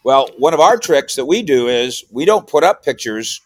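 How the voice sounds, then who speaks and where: A man's voice: mid-range voice, normal speed, no echo. Casual sports talker, man, mid-range voice, close dry mic, stumbles and restarts. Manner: rambling, repeats words, animated when quoting. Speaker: sports columnist and podcaster. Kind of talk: casual radio chat.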